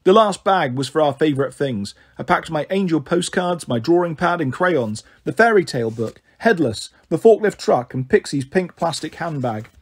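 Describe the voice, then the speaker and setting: Husky, expressive male storyteller. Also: a little high, normal speed, hardly any pauses. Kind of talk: reading a children's novel aloud.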